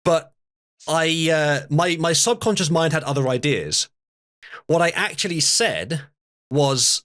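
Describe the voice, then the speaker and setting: A man's voice: a little high, expressive, takes it slowly, a bit bright. A man streaming, chatting casually and telling a story with lots of hesitant fillers. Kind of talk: casual chat.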